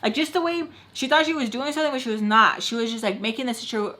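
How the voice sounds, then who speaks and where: Bright, fired-up young woman ranting. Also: a little high, fast talker. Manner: heated, ranting, swears freely, fillers of "like". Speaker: beauty vlogger telling a story. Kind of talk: casual storytime chat.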